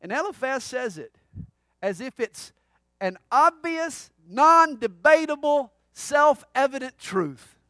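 A pastor preaching an expository sermon, emphatic and conversational with humorous asides. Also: male voice, very high voice, lively intonation, slow, pushed and bright, no room sound, studio quality.

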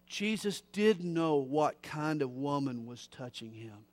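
Middle-aged guy preaching, higher voice, goes soft then booming, drags out the big lines. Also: lively intonation. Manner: builds from soft to loud, slowing on key phrases. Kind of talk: sermon.

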